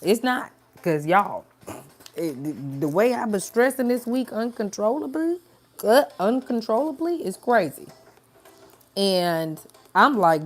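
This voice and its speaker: A woman's voice: a little high, big pitch swings, measured pace. A woman giving a casual spiritual pep talk to her viewers, chatty and colloquial, calling them y'all. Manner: acts out voices in quoted dialogue. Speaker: spiritual message creator.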